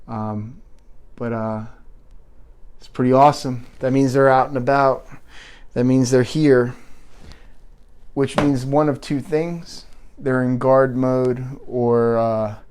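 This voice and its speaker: A man hosts a live stream, reading viewer chat and giving an earnest pep talk in unscripted commentary. His medium-pitched voice is a little mellow, clear, and resonant, and he rambles and restarts sentences.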